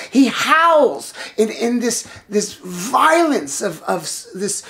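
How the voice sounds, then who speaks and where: A male storyteller retelling an epic tale in an animated, improvised way, with restarts and sudden shouts. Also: extremely high pitch, gravelly.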